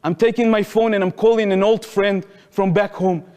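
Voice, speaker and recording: A man's voice: high voice, normal speed, clean tone. A man in his twenties with an Israeli accent, telling a personal story to an audience and acting out the voices in it. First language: Hebrew. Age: 20s. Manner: animated, acts out quotes, shouts at peaks. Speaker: speaker. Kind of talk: public talk, storytelling. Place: lecture hall. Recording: long hall reverb.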